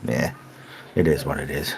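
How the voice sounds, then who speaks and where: A man's voice: extremely low pitch, fairly even intonation, normal speed, creaky, slight background noise. A man playing a tabletop game, asking short, laid-back questions. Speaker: player. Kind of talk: casual chat at the gaming table.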